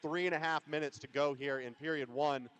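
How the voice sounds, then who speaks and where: A man calling roller derby live from an arena. His voice sits a bit high, and it jumps even higher when a big play happens. He talks through a headset mic. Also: fairly quick, clear, resonant tone. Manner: excitable, yells big plays. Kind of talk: live sports commentary.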